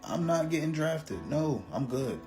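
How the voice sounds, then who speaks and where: A man's voice: fairly high pitch, animated, a little slow, over music. A man doing a comedic, profane casual rant with exaggerated jokes.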